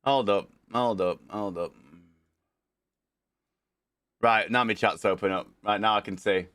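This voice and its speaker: A man with a bright, forceful voice and a cold that is getting worse. He chats casually from home, greeting viewers by name and swearing now and then. His voice sounds dry and close, with little room sound. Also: fairly low pitch, moderate pace, no room sound. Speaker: streamer. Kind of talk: casual livestream chat.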